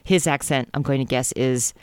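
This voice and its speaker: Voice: mid-range voice, steady tone, moderate pace, darkish tone, smooth, no room sound. A podcast co-host reading a romance novel aloud in a casual, comedic way, giggling and stumbling over words.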